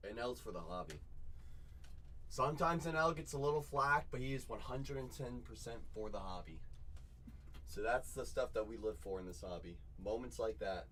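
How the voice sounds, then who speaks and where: Bright, hype-driven card break host. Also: male voice, medium pitch, animated, normal speed, slight background noise. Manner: hype-driven, repeats catchphrases, reads out viewer names. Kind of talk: excited live sales chat. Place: card shop.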